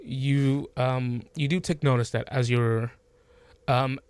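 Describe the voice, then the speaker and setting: A man narrates a tabletop fantasy session as game master at a middle pitch. He talks haltingly, with frequent ums and restarts. The recording is dry and close. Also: steady tone, darkish tone, smooth, no room sound. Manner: halting, many fillers and restarts.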